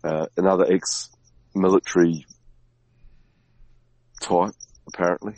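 A man as a guest in a casual conversation, talking in a rambling, halting way with many restarts. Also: sits low, flat delivery, darkish tone, no echo, rough recording. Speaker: podcast guest.

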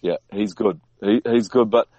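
Male guest, very low pitch, rambling and halting, dry close mic. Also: fairly even intonation, dark tone, no echo, muffled recording. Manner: rambling, halting, many restarts and fillers. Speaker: podcast guest. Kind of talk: casual conversation.

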